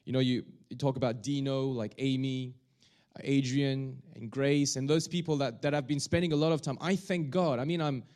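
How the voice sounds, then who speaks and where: A male pastor preaching a sermon, talking in a halting way with many restarts and fillers. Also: medium pitch, steady tone, a little mellow.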